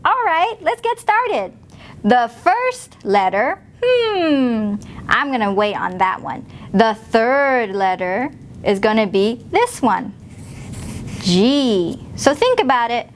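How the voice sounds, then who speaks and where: A woman who is a children's librarian, reading aloud and teaching preschoolers in a gentle, sing-song way. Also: a little high, sing-song, slow, slight background noise. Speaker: children's librarian hosting story time.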